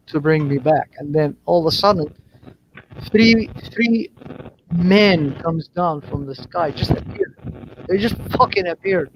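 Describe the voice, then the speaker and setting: High-voiced man telling a wild story. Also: lo-fi sound, a little hiss or hum. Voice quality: animated storytelling, swears and laughs often. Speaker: storyteller on an open panel. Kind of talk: casual chat.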